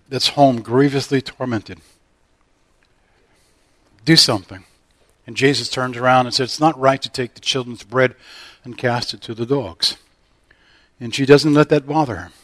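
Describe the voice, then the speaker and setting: A man's voice: mid-range voice, fairly bright tone. A male pastor delivers a sermon in an ordinary mid-range voice. He preaches with repeated declarations and call-and-response questions to his congregation. The sound is dry and close, with little room echo.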